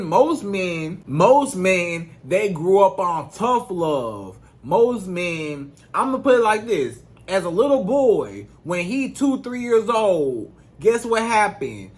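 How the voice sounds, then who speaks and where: Man, high-pitched, preachy repetitive coach talk. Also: a bit bright. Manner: repetitive, preachy, acts out quoted parents in a raised voice. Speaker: relationship coach. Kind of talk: casual advice monologue.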